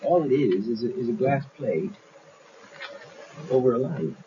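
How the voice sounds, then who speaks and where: Man animator, documentary explainer, lively and theatrical, dull lo-fi audio. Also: medium pitch, a little slow. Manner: lively, acts out scenes while explaining. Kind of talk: explaining his work in a documentary. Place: animation studio. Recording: dull 1970s documentary audio with faint hiss.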